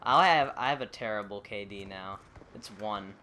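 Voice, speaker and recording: A man's voice: fairly low pitch, moderate pace, crowd noise. A teenage boy hosting a gaming video, exclaiming and complaining as he plays with a friend. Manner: exclaiming, complaining about lag. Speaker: gaming channel host. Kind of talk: casual gaming banter. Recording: faint noise with clicks.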